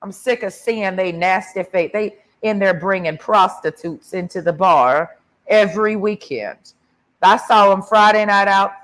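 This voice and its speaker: A young woman ranting casually to camera, telling a story in a blunt, sassy and profane way. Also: medium pitch. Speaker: vlogger. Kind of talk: casual rant.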